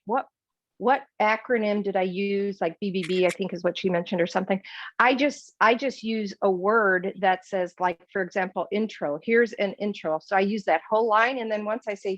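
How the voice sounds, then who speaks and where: A woman's voice: medium pitch, no room sound. Woman on a dull lo-fi call line. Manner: friendly, explains step by step. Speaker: team member sharing tips on a call. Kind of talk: casual group call talk. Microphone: video call.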